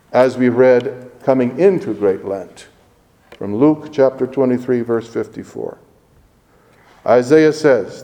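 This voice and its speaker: A man preaching a sermon as a priest, slow and deliberate, stressing words as he reads scripture aloud. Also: medium pitch, dark tone, big-room sound, rough recording.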